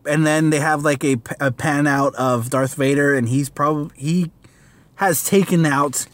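A man's voice: on the high side, fairly even intonation, unhurried. A man reviewing a comic book in a casual, rambling vlog, using lots of fillers and slang.

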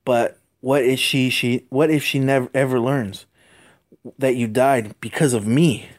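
A man's voice: medium pitch, fairly even intonation, measured pace, close to an everyday voice. A man voicing a young male superhero who strains and pleads in a raised voice. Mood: grieving.

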